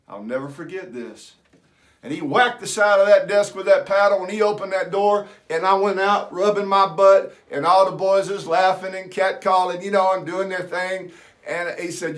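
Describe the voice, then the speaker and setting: A man's voice: high-pitched, steady tone, normal speed. A middle-aged man, telling a personal story in a folksy, self-deprecating way. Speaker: vlogger.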